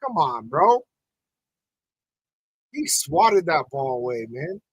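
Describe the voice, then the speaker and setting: A podcast host runs a live football watch party, reacting to plays with frustration and talking to his chat. His voice is a little high and slightly rough, swinging widely in pitch as he speaks slowly, on a rough recording with no echo.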